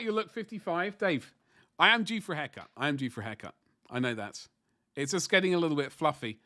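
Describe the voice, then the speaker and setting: A man's voice: medium pitch, a bit bright, dry recording, studio quality. A man in his forties chatting casually on a livestream while painting miniatures, rambling and self-deprecating as he answers chat. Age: 40s.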